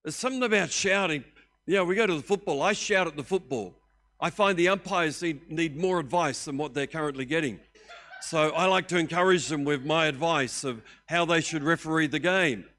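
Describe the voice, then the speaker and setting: An older Australian man preaching a sermon as pastor, animated and joking in a conversational way. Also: fairly high pitch, brisk.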